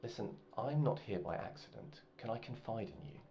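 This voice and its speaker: A man doing a hushed secretive rich woman. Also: animated, fairly quick, background noise, natural voice. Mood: hushed, conspiratorial. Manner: hushed, low and discreet, half whispered. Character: secretive wealthy woman with an unblinking stare. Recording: muffled, with faint music.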